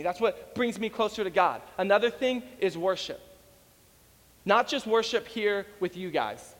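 A man preaching an energetic sermon to a congregation, telling stories and acting out the voices of the people in them. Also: high-pitched, in a large hall. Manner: animated storytelling, acts out voices. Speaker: pastor.

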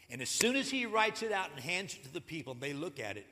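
A man preaching a sermon in a church, conversational and animated, acting out the stories as he goes. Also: a little high, quick pace, hardly any pauses. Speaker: pastor. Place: church sanctuary. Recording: echoey hall.

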